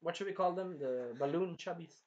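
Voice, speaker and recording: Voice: medium pitch, a little fast, highs cut off. A person giving a casual, rambling spoken review of an anime episode, swearing freely and drifting off topic. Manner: rambling, profane, jumps into loud impressions of characters.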